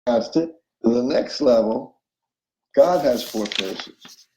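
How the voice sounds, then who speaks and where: A man's voice: medium pitch, expressive, slow, warm tone, roomy sound, slight background noise, rough recording. A man as an interview guest, explaining spiritual self-help ideas and checking in often with his listener. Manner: explanatory, acts out inner voices, checks in with listener.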